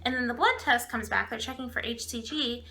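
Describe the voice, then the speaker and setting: A woman's voice: fairly high pitch, a little fast, creaky, bright, forceful tone, a little hiss or hum. A woman in her twenties telling a personal story to camera in a chatty way, full of filler words and acted-out quotes. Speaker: vlogger.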